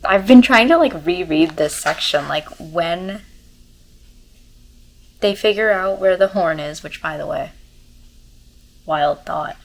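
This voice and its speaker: A young woman, excitedly rambling about a book to her camera in a casual reading vlog, full of fillers. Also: fairly low pitch, slow, pauses often, low-quality recording. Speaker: book vlogger. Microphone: camera mic, talking to camera.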